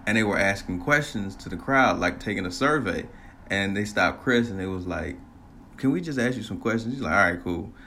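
A man casually telling a personal story, animated, laughing often and swearing freely. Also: fairly low pitch, a little fast, slight background noise.

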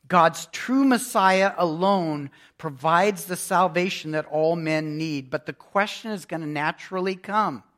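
A man pastor preaching a sermon, emphatic, with loudness that swells and drops. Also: sits high.

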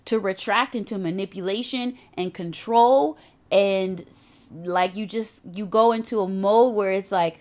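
Woman, motivational speaker, emphatic, conversational, casual asides. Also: medium pitch. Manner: emphatic, conversational, drops into animated character voices for retold quotes. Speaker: self-help speaker. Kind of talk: motivational talk.

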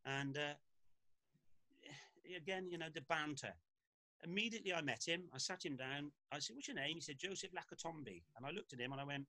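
Bright-voiced ex-footballer telling stories. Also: male voice, fairly high pitch, brisk, dry recording, low-quality recording. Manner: lively anecdote-teller with frequent laughs. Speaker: podcast guest, former footballer. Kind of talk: casual podcast storytelling.

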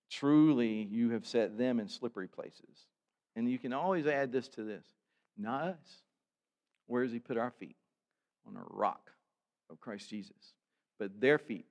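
A man's voice: mid-range voice, darkish tone, clear, resonant tone. Man preaching a conversational sermon. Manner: conversational preaching, reading scripture aloud with rising emphasis. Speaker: pastor.

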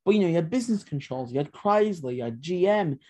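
Animated man talking history. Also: fairly high pitch. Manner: animated, sarcastic asides, quick to laugh. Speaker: podcast co-host. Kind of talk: casual history podcast discussion.

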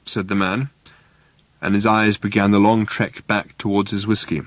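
A man reading an audiobook aloud in a measured, dry storytelling manner. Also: fairly low pitch, fairly even intonation, dry recording. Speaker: narrator. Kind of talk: audiobook narration.

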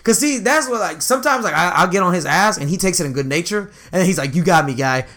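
A man's voice: high voice, expressive, quick pace, sharp tone. A young man co-hosting a casual podcast, telling profane, slangy stories full of quoted asides. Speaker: podcast co-host. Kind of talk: casual chat.

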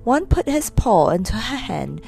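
Animated woman reading a storybook. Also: a little high, unhurried, creaky, soft background music. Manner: expressive, animated.

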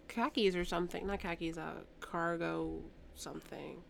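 A woman's voice: lowish voice, steady tone, moderate pace, creaky, a little hiss or hum. A woman co-hosting a podcast in casual chat, trailing off with fillers and correcting herself as she goes. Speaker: podcast co-host.

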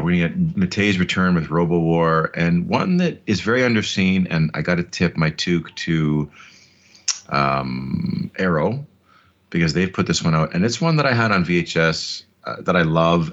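A man's voice: low voice, animated, moderate pace, a bit bright. A man co-hosting a film podcast, chatting casually in a laid-back, joking way. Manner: laid-back, easy chuckling banter. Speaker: podcast co-host. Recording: dull lo-fi sound.

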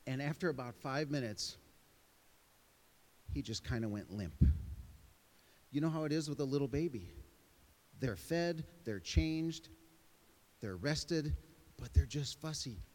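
Middle-aged pastor preaching in a reverberant sanctuary, mid pitch, chatty storyteller who jokes about himself. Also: male voice, expressive, unhurried, pauses often, darkish tone. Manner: storytelling, self-deprecating asides. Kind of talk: sermon.

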